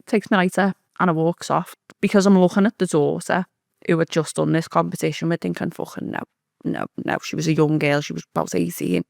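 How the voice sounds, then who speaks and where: A woman's voice: on the low side, fairly quick, vocal fry, dry recording, studio quality. A woman telling a story in a casual chat as a podcast guest, swearing freely and acting out the voices of the people in it. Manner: swearing, animated, acts out quoted speech.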